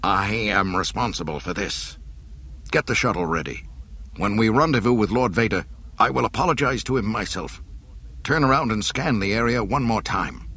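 A man's voice: lowish voice, lively intonation, moderate pace, bright, forceful tone, breathy edge, full character voice. Man doing a stern imperial captain. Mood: tense. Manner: clipped commands. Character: stern, anxious male imperial starship captain.

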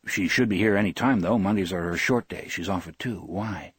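A man with a husky voice voicing a wary, thoughtful middle-aged suburban man. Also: sits low, brisk, a bit bright, dry recording, clean studio sound, heavily acted.

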